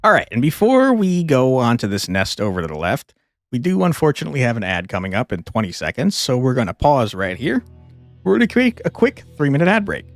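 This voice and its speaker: Male streamer, lively swooping voice, frustrated and profane, faint game music behind. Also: mid-range voice, a little fast, no room sound, clean studio sound. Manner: exasperated, swearing, laughing often. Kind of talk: casual gameplay commentary.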